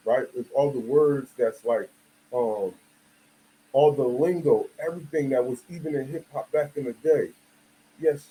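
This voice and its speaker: Emphatic ranting man, mellow higher voice. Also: rough recording. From United States. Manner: emphatic slang-heavy ranting, frequent "you feel me" asides. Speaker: video commentator. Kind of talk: casual monologue.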